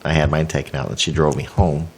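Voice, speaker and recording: A man's voice: very deep voice, little pitch movement, quick pace, a little hiss or hum. A man chatting on a casual podcast, telling a light anecdote and chuckling along. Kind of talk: casual chat.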